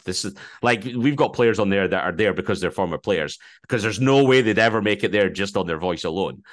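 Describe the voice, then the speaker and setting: Loud, slow-talking Scottish man, deep voice. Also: no echo. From Scotland. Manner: loud and slowly spoken. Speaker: podcast co-host, interview guest. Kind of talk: relaxed interview answers.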